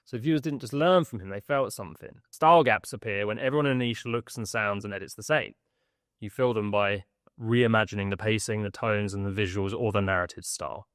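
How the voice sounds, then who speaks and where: A man, hosting a podcast where he reads his newsletter email aloud, lively, with jokey asides and frequent laughs. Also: on the low side, a little fast, dry recording, clean studio sound. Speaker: host.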